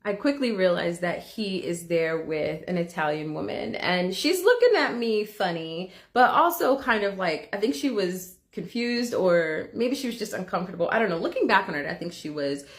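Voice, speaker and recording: A woman's voice: fairly low pitch, animated, moderate pace, few pauses. A woman hosting a reaction video, telling a personal story in candid, casual commentary full of filler words.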